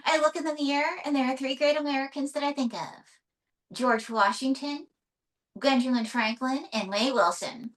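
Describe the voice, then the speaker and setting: A woman's voice: high-pitched, normal speed, fairly bright tone, far from the mic, pitched above the performer's own voice, low-quality recording. Woman doing a brassy diva puppet showgirl. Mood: boastful. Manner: brassy, self-important, flirty. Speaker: ventriloquist's puppet.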